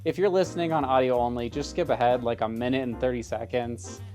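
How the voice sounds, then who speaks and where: A producer introducing a segment in a wry, offhand way. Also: male voice, medium pitch, steady tone, quick pace, over music.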